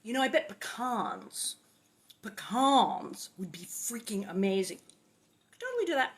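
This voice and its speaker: A woman's voice: fairly high pitch, very animated, a little slow. A woman hosting a casual home cooking demo in her kitchen, chatty and playful, exclaiming often. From Los Angeles. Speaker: cooking show host.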